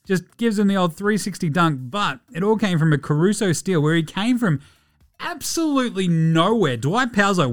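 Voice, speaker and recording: A man's voice: sits high, lively intonation, normal speed. An Australian man hosting a podcast, giving a casual, chatty rundown of basketball games, swearing freely as he goes. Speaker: podcast host.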